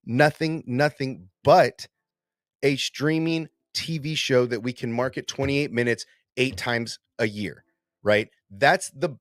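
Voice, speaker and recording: A man's voice: medium pitch, no echo, studio quality. A man co-hosting a podcast in a casual debate, emphatic and repeating words as he builds a point. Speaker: podcast co-host.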